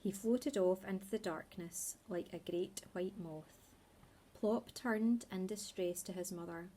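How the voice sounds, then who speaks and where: Slow, expressive woman reading a story. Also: mid-range voice, slight background noise. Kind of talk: children's story read-aloud.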